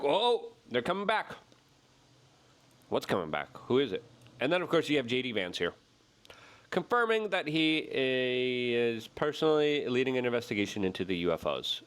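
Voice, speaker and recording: Animated sarcastic male commentary host. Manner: sarcastic, exasperated, mocking voices in jumps of pitch. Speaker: political commentary show host.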